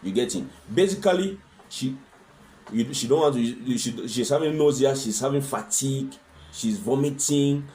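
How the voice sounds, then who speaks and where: A man's voice: mid-range voice, lively intonation, moderate pace, dark tone. A man talking as a guest in a conversational interview, earnest and fond of rhetorical questions. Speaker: husband sharing his experience as a guest.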